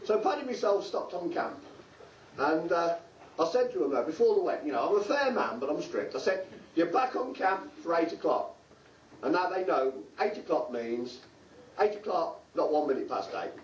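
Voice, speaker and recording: A man's voice: fairly high pitch, lively intonation, moderate pace. An English man telling a long joke on stage at a group show, acting out the voices of the people in the story. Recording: roomy, distant, dull amateur video with faint hum.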